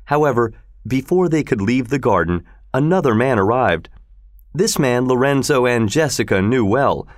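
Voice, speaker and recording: A man narrating a storybook chapter in a clear, expressive way. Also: mid-range voice, moderate pace, no echo, studio quality. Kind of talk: storybook reading.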